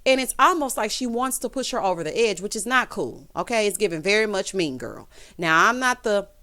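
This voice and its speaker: A woman's voice: medium pitch, brisk. A woman giving casual, sassy recap commentary on a reality TV episode, calling viewers honey and y'all. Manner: sassy, animated, quotes others in voices.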